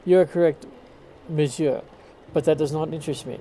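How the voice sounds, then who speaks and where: A man voicing a formal, skeptical gentleman in a put-on French accent while reading game dialogue aloud. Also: fairly high pitch, steady tone, moderate pace, a little hiss or hum, close to an everyday voice, low-quality recording.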